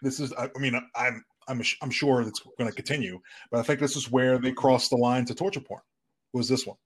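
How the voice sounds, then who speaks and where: A man's voice: mid-range voice, steady tone, brisk, breathy edge. A man co-hosting a casual podcast, blunt and opinionated, with filler hedges. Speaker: podcast co-host. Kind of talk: casual chat.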